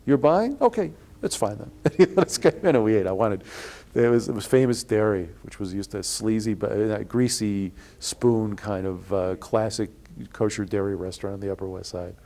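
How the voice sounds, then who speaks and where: Guy with a rough low voice, rambling indignant stories in an interview. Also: normal speed, few pauses. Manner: rambling, restarts often, acts out quoted people loudly. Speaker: interviewee, blogger. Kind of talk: storytelling in an interview.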